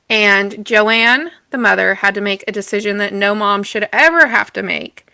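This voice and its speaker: A woman's voice: medium pitch, gravelly, sharp tone, no room sound. A woman co-hosting a podcast, telling a story in a chatty way, laughing often and correcting herself. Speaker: podcast co-host. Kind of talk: casual storytelling chat.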